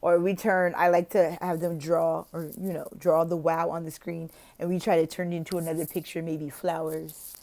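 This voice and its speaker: A woman's voice: low-pitched, flat delivery, normal speed, a little mellow. Playful woman sharing classroom tips. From lives in Oklahoma, not from there. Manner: playful, laughs often, acts out classroom chants. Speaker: online teacher and video host. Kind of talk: casual teaching tips vlog.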